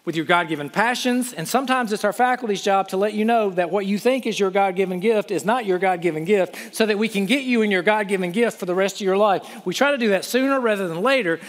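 Guy preaching in a big echoey hall, fired up, kinda high voice. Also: fast, few pauses. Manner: impassioned, pleading, conversational asides. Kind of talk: sermon.

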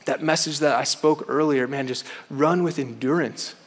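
A man's voice: fairly high pitch, steady tone, normal speed. A young man giving an earnest chapel sermon to students, often saying "man". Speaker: campus chapel speaker. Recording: hall reverb.

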